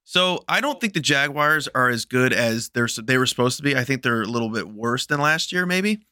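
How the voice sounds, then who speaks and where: A man's voice: mid-range voice, expressive, brisk, bright, forceful tone, no room sound, studio quality. A man on a betting panel, playful and opinionated as he backs his pick. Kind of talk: casual betting picks.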